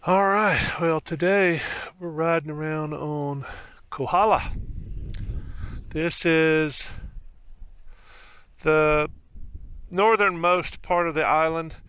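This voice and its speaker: A man's voice: on the high side, takes it slowly, long pauses, a bit bright, clear, resonant tone. A man riding a motorcycle outdoors on a country road, talking through a helmet mic in rambling, casual commentary with many fillers. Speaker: motorcycle vlogger. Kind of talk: casual ride-along commentary.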